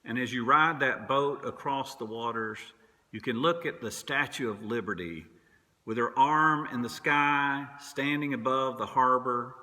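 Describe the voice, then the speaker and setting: A man who is a minister, preaching a sermon in a slow, measured way with long pauses. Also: medium pitch, sharp tone. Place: church sanctuary.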